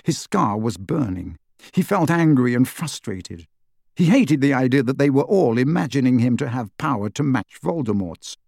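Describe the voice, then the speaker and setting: Expressive male audiobook narrator. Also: mid-range voice, moderate pace, vocal fry, dry recording, clean studio sound. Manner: expressive storytelling. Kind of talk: scripted narration.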